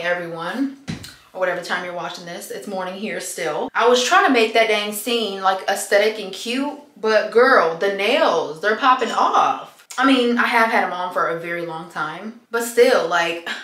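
Brief: young woman vlogger, bright voice, chatty and familiar, with a faint hum of home ambience behind her. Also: medium pitch, lively intonation, normal speed. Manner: chatty, calls viewers "girl" and "y'all". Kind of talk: casual chat to camera. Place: home, kitchen and bedroom.

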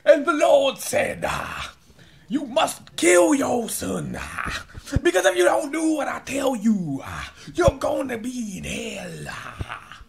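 A man mimicking a shouting TV evangelist who grunts "ah" after every phrase. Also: extremely high pitch, wildly swooping pitch, slow pace, creaky, pitched above the performer's own voice, full character voice. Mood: fire-and-brimstone. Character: bellowing TV preacher man, over-emphatic, grunting "ah".

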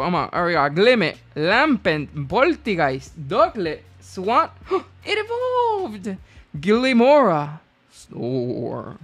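A woman hosting a live card-opening stream, excitable and repeating hype phrases in bursts. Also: sits low.

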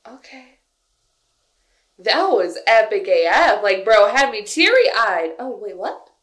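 A young woman chatting casually and excitedly as she reacts to a music video, full of "like" and "yo". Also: mid-range voice, slow pace. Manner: expressive, animated, lots of "like" and "yo". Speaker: K-pop reaction vlogger.

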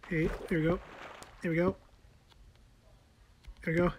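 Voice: medium pitch, flat delivery, moderate pace, slight background noise. A person giving casual gameplay commentary, muttering to themselves while building and swearing often.

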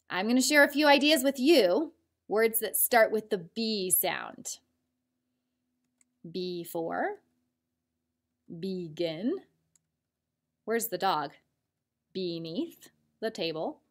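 A woman teacher giving a recorded spelling lesson to children, patiently sounding out words slowly so they can clap along. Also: on the high side, fairly bright tone.

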